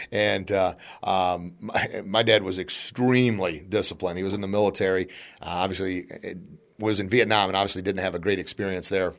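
A middle-aged man hosting a motivational podcast, talking in an animated, chatty way and laughing between points. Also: low-pitched, normal speed. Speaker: podcast host.

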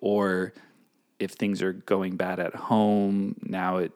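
A middle-aged man co-hosting a casual advice chat, musing aloud and acting out his own reactions with sudden high bursts. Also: level tone, slow, a little mellow. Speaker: podcast co-host.

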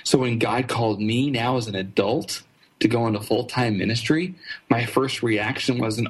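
A man being interviewed as a ministry fundraising trainer, telling earnest, animated stories with frequent restarts. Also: mid-range voice, normal speed, breathy edge. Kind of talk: conversational storytelling interview.

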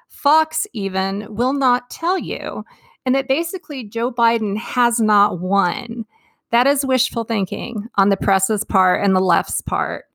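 A woman co-hosts a podcast with a gravelly, fry-edged voice. She talks casually and quickly, and she often drifts off on tangents. The sound is dry and close to the mic. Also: mid-range voice, a bit bright, no room sound. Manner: talks fast with tangents and laughs. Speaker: podcast co-host.

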